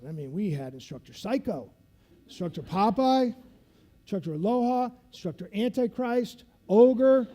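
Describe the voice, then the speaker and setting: A man giving a keynote talk, telling a story that he acts out with vivid delivery. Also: high voice. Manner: animated storyteller, acts out scenes. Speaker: keynote speaker.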